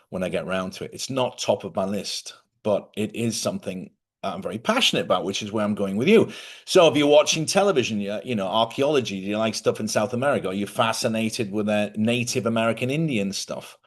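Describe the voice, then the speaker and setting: Speaking at a brisk pace with a fairly low pitch, a middle-aged man hosts a casual spiritual talk for viewers. He's chatty and rambling, often correcting himself and laughing.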